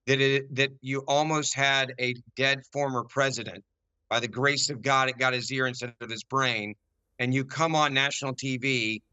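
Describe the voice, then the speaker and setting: A forceful American man pressing his point in a heated political debate, hammering the same phrases again and again. His voice comes across bright and crisp, and the sound is close and dry with no room around it. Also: mid-range voice, dry recording. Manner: forceful, emphatic, repeats key phrases. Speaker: panel guest.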